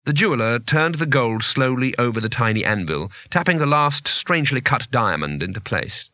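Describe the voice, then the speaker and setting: A man narrating a fantasy story in a measured, expressive storytelling manner. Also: medium pitch, no room sound. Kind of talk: audiobook narration.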